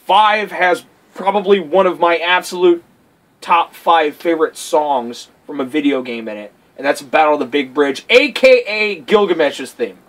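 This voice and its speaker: A young man co-hosting a casual game chat, excitable and profane, acting out scenes in mock voices. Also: a little high, normal speed, low-quality recording. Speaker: podcast co-host.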